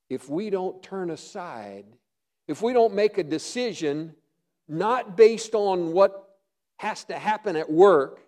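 A middle-aged male pastor preaching a sermon, earnest, often dropping to a hush for emphasis. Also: sits high.

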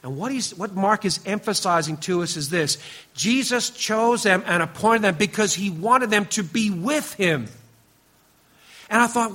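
Bright, high-voiced man preaching earnestly. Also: lively intonation, unhurried. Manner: earnest, emphatic preaching with frequent drops to a quiet, low voice; speaks directly to the congregation, teasing members by name. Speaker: pastor. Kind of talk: sermon.

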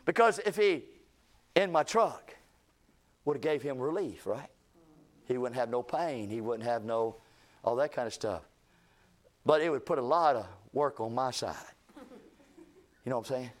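A man's voice: mid-range voice, animated, moderate pace, pauses often. A male pastor, telling a folksy story in a sermon to his church, with emphatic rises in his voice. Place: church sanctuary.

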